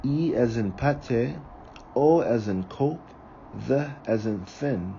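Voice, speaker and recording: A man reading aloud from a book, slowly and carefully, sometimes correcting himself. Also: mid-range voice, animated, warm tone, dull audio, a little hiss or hum. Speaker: reader of a book on ritual.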